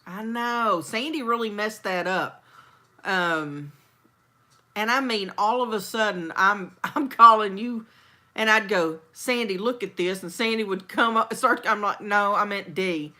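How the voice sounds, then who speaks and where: A woman from Texas, chatting as a host. Her voice is bright and lively, and she acts out other people's lines as she tells stories. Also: mid-range voice, measured pace. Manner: animated storyteller, acts out quotes. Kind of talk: casual chat.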